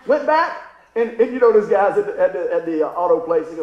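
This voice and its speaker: A man's voice: high voice, fast, darkish tone, echoey room, highs cut off. A middle-aged man preaching a sermon, telling a funny story and calling for responses from the congregation. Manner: folksy, call-and-response, acts out story voices. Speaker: pastor.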